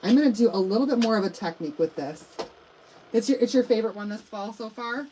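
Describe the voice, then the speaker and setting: Middle-aged woman, mellow voice, friendly live craft demo host, faint hum behind. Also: a little high, animated, fast, low-quality recording. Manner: chatty, addresses viewers as you guys and y'all.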